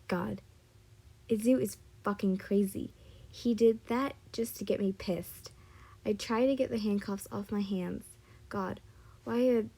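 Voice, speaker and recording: Casual woman story reader, mellow and a bit high, apologetic with the text. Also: breathy edge. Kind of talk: reading fan fiction aloud.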